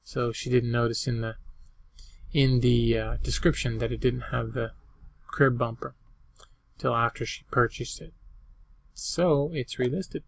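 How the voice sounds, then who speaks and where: Speaking a little slowly with long pauses, an older eBay reseller has a gravelly, mid-range voice and a steady tone, recorded with no room sound. He wanders folksily through his resold goods in a casual vlog, reciting what he paid, what each fetched, and when.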